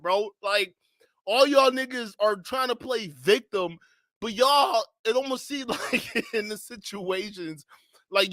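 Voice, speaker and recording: A man with a high, bright voice reacts to a clip he's watching, laughing hard and shouting in disbelief between blunt, profane slang. He talks straight to his viewers. The sound is dry and close. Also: no echo. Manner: blunt street slang, addresses viewers directly. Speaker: reaction video host. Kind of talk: reaction commentary.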